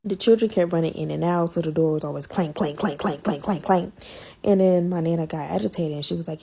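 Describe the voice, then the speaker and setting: A woman hosting a podcast, telling a story in casual, slangy chat that swings between loud and hushed. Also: fairly low pitch, fairly quick, vocal fry.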